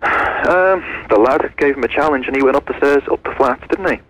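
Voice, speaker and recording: A man from Wallasey with a Merseyside accent calling a radio phone-in, speaking in a plain, halting way. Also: mid-range voice, fairly bright tone. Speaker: caller. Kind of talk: phone-in call. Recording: muffled phone-in line.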